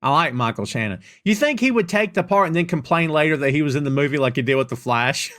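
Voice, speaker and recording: A man's voice: on the high side, expressive, fast talker, hardly any pauses, fairly bright tone. A man with a Southern US accent hosting a live question-and-answer podcast. He rants emphatically and casually, repeating lines for effect. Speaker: podcast host.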